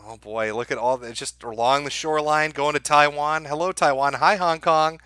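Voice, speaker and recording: A man's voice: fairly high pitch, fairly even intonation, moderate pace, pushed and bright, clear, resonant tone, no echo. Sarcastic, foul-mouthed male streamer. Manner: sarcastic, crude and profane. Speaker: live-stream host. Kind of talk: live-stream commentary to chat.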